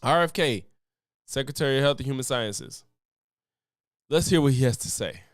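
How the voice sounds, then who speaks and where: A man streaming commentary on news clips, ranting in a profane, animated way and laughing between points. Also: medium pitch, moderate pace.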